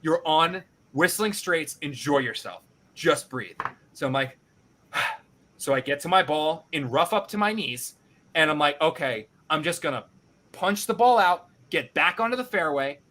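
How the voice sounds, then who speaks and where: A male podcast host telling a casual, animated story, swearing freely and acting out his own reactions. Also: fairly high pitch, moderate pace, slight background noise.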